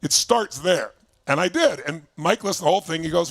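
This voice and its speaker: A man's voice: fairly high pitch, animated, brisk, gravelly, no room sound. A man in his sixties giving a motivational talk from his home basement, telling stories animatedly and acting out remembered dialogue. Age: 60s. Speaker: motivational speaker. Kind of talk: motivational talk to an online audience.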